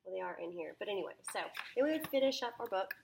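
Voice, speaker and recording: A woman's voice: medium pitch, expressive, fast, gravelly, a little hiss or hum. A young woman talking through a phonics lesson plan as a student teacher, thinking aloud with many ums and restarts.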